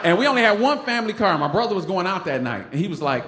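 Animated man telling a stage story. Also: high-pitched, fast talker. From Detroit. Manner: animated, laughing, acts out other voices. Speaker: stand-up comic telling a story. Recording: roomy stage sound with noise.

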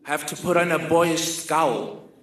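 Man, storyteller with dry humor, bright and a bit high, roomy hall sound. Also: measured pace. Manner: humorous, vivid personal storytelling. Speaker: speaker. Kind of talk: storytelling talk.

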